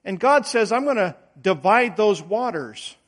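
A man's voice: high voice, lively intonation, unhurried, fairly bright tone. A middle-aged male preacher giving a sermon, telling homey stories and stressing words with emphatic rises. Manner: folksy storytelling, emphatic rises.

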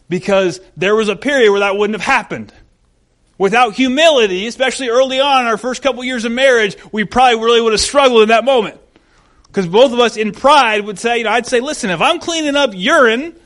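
A man in his thirties giving a sermon as pastor, telling a personal story with candid, self-deprecating humor. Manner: rises loud and high when acting out quotes.

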